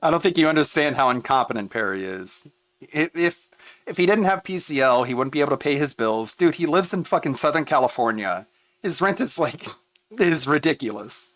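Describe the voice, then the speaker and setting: A man streaming, reacting to a video with animated, exasperated commentary, laughing often and swearing. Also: a little high, a little fast, no room sound.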